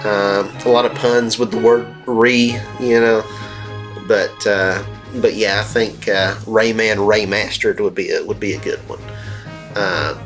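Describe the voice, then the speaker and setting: A man's voice: fairly low pitch, steady tone, measured pace. A man hosting a let's play, rambling and cracking jokes in casual gameplay commentary, with plenty of fillers. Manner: rambling and jokey, with frequent fillers. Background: faint game music.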